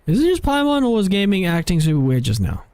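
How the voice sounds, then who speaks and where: A man voicing a tiny, excitable female fairy companion in a high, chirpy voice that refers to itself by name. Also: quick pace, smooth, dry recording, exaggerated voice. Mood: excited. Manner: chirpy, high-pitched, speaks of herself by name.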